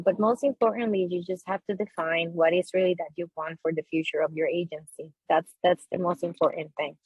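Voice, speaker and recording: A woman whose first language is not English talks on a webinar panel over a video call. Her voice sits low and husky, with a dry, close sound. She is friendly and fills her speech with "you know" and restarts. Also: no echo, narrow, tinny audio. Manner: friendly, filler-heavy, restarts often. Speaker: guest speaker from a virtual assistant company.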